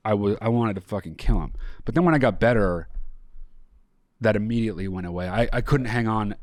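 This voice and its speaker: A man's voice: fairly low pitch, no echo. A young man hosts a podcast with loose, profane chatter and mock fury. His voice sounds a little nasal from a recent illness. The sound is dry and close. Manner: profane, jokey, exaggerated mock outrage. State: slightly nasal after illness. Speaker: podcast host. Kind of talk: casual podcast chat.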